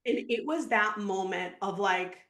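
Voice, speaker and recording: A woman in her thirties from Minnesota, a podcast guest telling her story in an animated, laughing way. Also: medium pitch, a little slow. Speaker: podcast guest, real estate agent. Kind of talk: casual storytelling interview. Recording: roomy echo.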